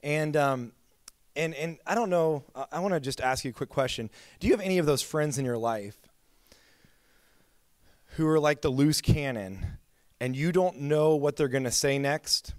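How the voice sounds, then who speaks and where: A man's voice: on the high side, moderate pace, no echo, clean studio sound. A man preaching a sermon as pastor, telling stories in a casual, chatty way with lots of filler words. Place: church.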